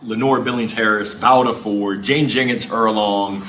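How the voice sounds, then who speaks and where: A man's voice: fairly low pitch, measured pace, a little hiss or hum. Upbeat, playful man in echoey room. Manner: upbeat, playful, animated storytelling. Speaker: guest speaker. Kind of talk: lively interview conversation.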